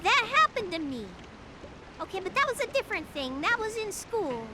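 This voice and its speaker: A young woman streamer telling stories to her chat in a casual, animated, blunt and profane way that climbs toward yelling. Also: extremely high pitch, moderate pace. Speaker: live streamer. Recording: clear background noise.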